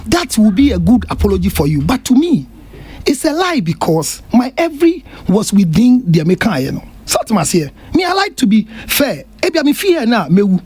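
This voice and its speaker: A man's voice: high voice, huge pitch swings, a little fast, a little mellow, breathy edge, dry recording. A Ghanaian man on a radio panel, insistently defending his remarks and switching between English and Twi. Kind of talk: heated radio panel talk. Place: radio studio.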